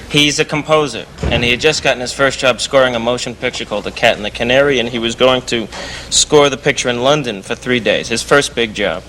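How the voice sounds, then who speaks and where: Bright-voiced man telling a comic story. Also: medium pitch, a little fast, a little hiss or hum, poor audio. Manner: laughing storyteller, animated. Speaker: celebrity panelist. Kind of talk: comic anecdote.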